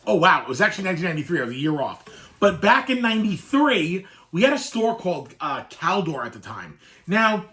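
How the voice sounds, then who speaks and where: A man's voice: high-pitched, big pitch swings, a little fast, sharp tone. A man in his thirties, a toy collector, telling an emotional childhood story to camera in a rambling, wistful way that chokes up at times. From Northeastern US. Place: room full of collected toys.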